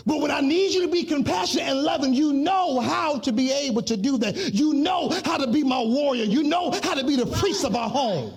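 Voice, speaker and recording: A middle-aged pastor from Chicago preaching a sermon in a chanting preacher cadence that swells into shouts. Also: male voice, extremely high pitch, animated, brisk, vocal fry, few pauses.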